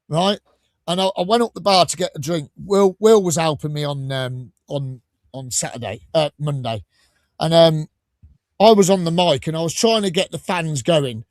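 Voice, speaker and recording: A man with an English Midlands accent hosting a casual fan podcast, chatting and telling stories in a lively way. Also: on the high side, no echo, studio quality. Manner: chatty storyteller, lively and animated. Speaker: podcast host. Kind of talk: casual chat.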